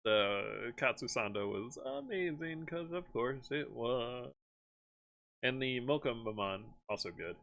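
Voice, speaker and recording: Casual male streamer, chatty rambler, laughs a lot, mid-pitched. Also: measured pace, vocal fry, lo-fi sound. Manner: rambling, laughs often, animated when excited. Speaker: streamer host. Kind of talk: casual chat.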